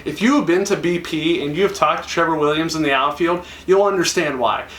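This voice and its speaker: A young YouTuber chats enthusiastically to camera, his voice high-ish, fairly quick and a bit bright, acting out quoted lines in casual talk. He sounds far from the mic, a little off-mic in an echoey room.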